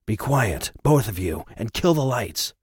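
A man reading an audiobook, voicing a serious soldier who speaks low, calm and firm. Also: measured pace, husky, dry recording, clean studio sound, full character voice.

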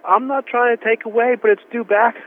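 A man's voice: extremely high pitch, fairly even intonation, fairly quick. Patient male store clerk on a phone line. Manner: patient, hesitant. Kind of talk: phone call.

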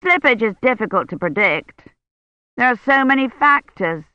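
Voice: mid-range voice, animated, normal speed, sharp tone, dry recording, pitched above the performer's own voice. A reader voicing a cautious, reluctant young male technician who keeps apologizing. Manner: hesitant, apologetic. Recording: dull lo-fi sound.

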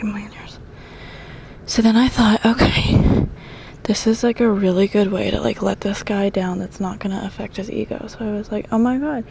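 A young woman telling a story in casual chat, her voice gravelly with fry. She swears freely and slips into half-whispered asides while exercising. A faint hum of noise sits behind her. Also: mid-range voice, a little mellow. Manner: chatty, profane, often whispering asides.

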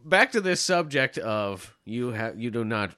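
A man's voice: medium pitch, very animated, measured pace, sharp tone, no room sound, studio quality. A young man co-hosting a podcast in casual chat, laughing often and trailing off mid-sentence. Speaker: podcast co-host.

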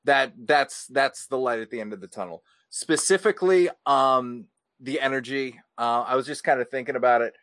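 A man speaking as a podcast guest, reflective and measured, with some fillers. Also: medium pitch, fairly bright tone, dry recording. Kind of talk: casual podcast chat.

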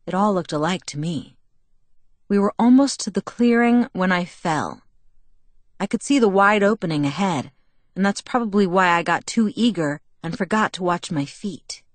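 A woman narrating a novel in the first person with a steady, even storytelling delivery. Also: on the low side, no room sound. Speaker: audiobook narrator.

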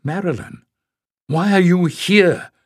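A man voicing an anxious, gentle woman who speaks softly and pleadingly. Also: mid-range voice, expressive, moderate pace, dry recording, studio quality, close to an everyday voice. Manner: pleading and soft.

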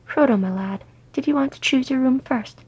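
A woman's voice: sits high, moderate pace, darkish tone, slightly rough, voice pushed up. A woman voicing a fussy, fond older male hobbit with a genteel, doting manner.

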